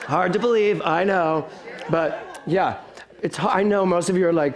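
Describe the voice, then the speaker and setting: A male pastor telling a lively, self-deprecating story to his congregation during a sermon, chuckling along the way. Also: high voice, unhurried, a faint crowd. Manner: animated, self-deprecating humor, chuckles often. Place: spiritual center sanctuary.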